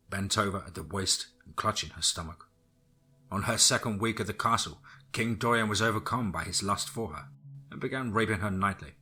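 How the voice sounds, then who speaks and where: A man narrating a dark horror story in a steady storytelling manner. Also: slightly rough. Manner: steady storytelling, drops low for grim lines.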